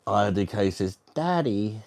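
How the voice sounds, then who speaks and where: A man's voice: fairly low pitch, expressive, unhurried, gravelly, darkish tone. A man hosting a live stream, reading out viewer comments with crude, matey banter. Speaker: livestream host.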